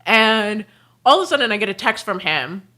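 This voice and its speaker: Young adult woman, livestream host, casual storytelling, laughs mid-sentence, bright tone, lively swooping pitch. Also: moderate pace.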